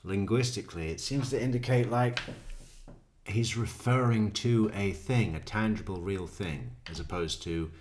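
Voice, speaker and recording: A man's voice: lowish voice, a little slow, darkish tone, slight background noise. A man giving sardonic true crime commentary, laughing often at what he plays. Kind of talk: casual commentary.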